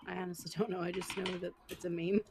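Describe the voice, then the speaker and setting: A young woman chats casually as she draws on a live stream, quick to tease and break into laughter. Her voice sits a bit low for a woman. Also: flat delivery, noisy background. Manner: teasing, laughs often. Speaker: co-host artist on stream. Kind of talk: casual chat while drawing.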